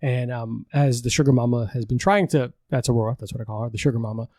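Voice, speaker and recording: A man's voice: mid-range voice, quick pace, darkish tone, no echo. A man hosting a podcast in a loose, casual chat, swearing often and laughing as he rambles. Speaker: podcast host.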